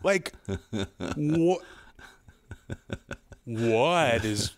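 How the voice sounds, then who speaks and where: A man's voice: a little high, lively intonation, very slow, no echo. A man co-hosting a podcast, from the American Midwest, telling a story in casual chat, swearing freely and acting out the voices he quotes. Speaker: podcast co-host.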